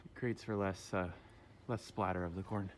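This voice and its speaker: A man's voice: low voice, steady tone, normal speed, slight background noise. A young man, a farmer, talking casually to the camera in a vlog with chatty, joking asides. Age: young adult.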